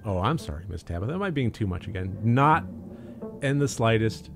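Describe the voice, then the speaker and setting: A man's voice: on the low side, big pitch swings, a little fast, creaky, soft background music. A man voicing a chipper, over-eager young woman housecleaner who gushes and chatters. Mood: bubbly. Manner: bubbly, gushing.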